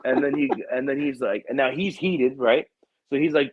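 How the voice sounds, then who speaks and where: Husky-voiced man telling a rowdy story. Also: normal speed, no echo, narrow, tinny audio. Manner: animated, profane, acts out quotes with raised pitch. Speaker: podcast host. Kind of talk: casual storytelling chat.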